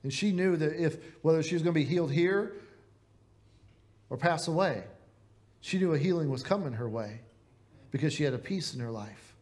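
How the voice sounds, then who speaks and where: A man's voice: on the high side, animated, normal speed, long pauses, a little mellow. A man with a Midwestern American accent preaching a sermon in a church, earnest and conversational, asking the congregation rhetorical questions. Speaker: pastor.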